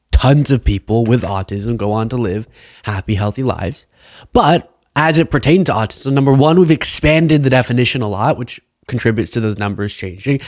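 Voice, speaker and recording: A man's voice: medium pitch, no room sound, studio quality. A young man hosting a political commentary show, talking casually and sarcastically and laughing often.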